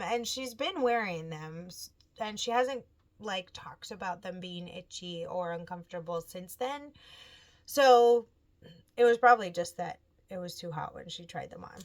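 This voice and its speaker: A woman in her thirties chats casually to her viewers about her knitting projects. She tells her stories in an animated way, quoting people in lively voices. Her voice sits in a middle pitch. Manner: chatty, animated storytelling with quoted voices. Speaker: knitting podcast host. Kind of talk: casual chat.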